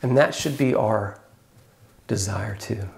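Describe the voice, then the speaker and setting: A male pastor preaching a sermon, moving between quiet, drawn-out phrases and raised, urgent emphasis. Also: fairly low pitch, gravelly.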